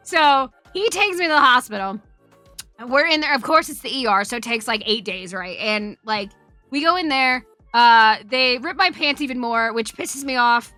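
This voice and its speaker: A woman streamer chats on a close, dry microphone, her voice bright and a little high. She rambles through a story, swearing freely and laughing along. Faint game music plays underneath. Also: animated, brisk, no echo.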